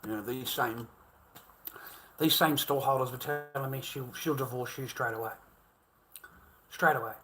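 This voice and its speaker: A man's voice: mid-range voice, normal speed, pauses often. A man livestreaming a casual monologue, ranting in a heated, profane, repetitive way.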